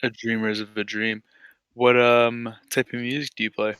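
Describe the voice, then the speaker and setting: Stammering player, smooth bright voice. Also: male voice, mid-range voice, level tone, normal speed, dry recording. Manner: hesitant, stammering replies. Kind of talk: in-character table talk.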